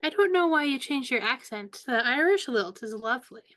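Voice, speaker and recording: A woman playing a tabletop game, talking in a relaxed, straightforward way. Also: high-pitched, moderate pace, no room sound. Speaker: player. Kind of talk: casual tabletop play.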